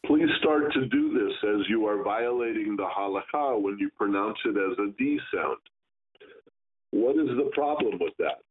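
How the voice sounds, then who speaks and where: A man teaching Kabbalah, giving a slow, stern lesson on pronouncing Hebrew letters and stretching words to demonstrate. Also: fairly low pitch, lively intonation. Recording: tinny phone-like sound.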